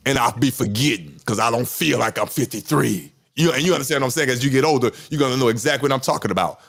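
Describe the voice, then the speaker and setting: A man's voice: mid-range voice, animated, quick pace, creaky, fairly bright tone. A man, talking candidly in casual chat, rambling, repeating himself and swearing. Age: 50s. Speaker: podcast host.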